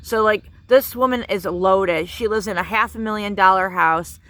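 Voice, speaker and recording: Brief: woman vlogger, bright and sharp voice, heated rambling rant with lots of swearing. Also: mid-range voice, normal speed. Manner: angry, profane, many fillers. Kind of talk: casual spoken rant.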